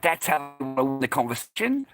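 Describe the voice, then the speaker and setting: A man's voice: medium pitch, sing-song, quick pace, fairly bright tone, faint music behind. An Australian man telling a personal story in a casual, profane, combative monologue. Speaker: vlogger recounting a personal incident.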